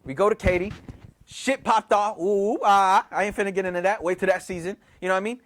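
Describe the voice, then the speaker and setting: A young man with a high voice tells a story casually, full of slang and swearing. He retells it in an animated way and keeps repeating himself. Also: fast, a little hiss or hum.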